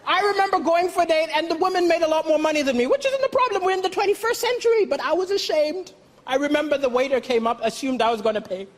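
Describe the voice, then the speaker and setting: Self-mocking comic, high voice. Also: male voice, fast talker. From Malawi. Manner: deadpan, self-mocking, bursts into mock shouting. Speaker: stand-up comedian. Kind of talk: stand-up comedy set. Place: television stage before a live audience. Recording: noisy live stage with audience laughter.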